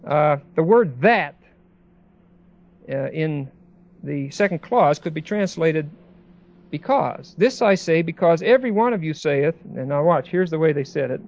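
A man preaching a Bible sermon in a conversational way, with many pauses and restarts, as a pastor. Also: fairly high pitch, animated, darkish tone, highs cut off.

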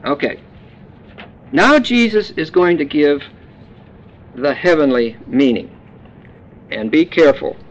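A man's voice: a little high, lively intonation, takes it slowly, long pauses. Folksy male preacher, dull lo-fi sound. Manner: folksy, joking teacher explaining words. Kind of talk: sermon.

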